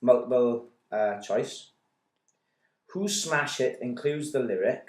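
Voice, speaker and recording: A man hosting a pub-style quiz on a podcast, reading questions deliberately. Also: medium pitch. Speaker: quiz host. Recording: echoey room.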